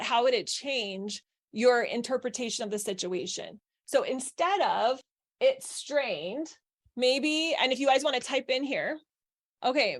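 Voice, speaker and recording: A woman with a fairly high voice leads a live parenting workshop. She is middle-aged and coaches her listeners by asking questions and answering them herself.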